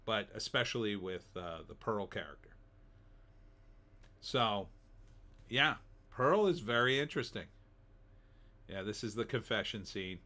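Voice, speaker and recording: A man's voice: on the low side, lively intonation, unhurried, long pauses, pushed and bright. A middle-aged man giving a casual, rambling spoken movie review, full of fillers and restarts. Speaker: film reviewer.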